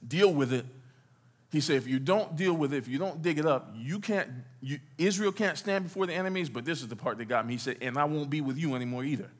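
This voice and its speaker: This middle-aged pastor's voice sits fairly high and moves briskly as he delivers a sermon in the church sanctuary. He questions the congregation directly and pauses for their replies, call-and-response fashion.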